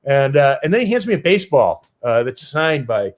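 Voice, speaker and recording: A man's voice: medium pitch, sing-song, fairly quick. A man telling a personal story on stage in a loose, casual way with lots of filler words.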